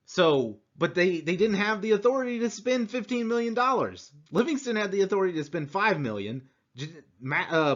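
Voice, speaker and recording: A man teaching a conversational history lecture, animated and full of rhetorical asides. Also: high-pitched, muffled recording.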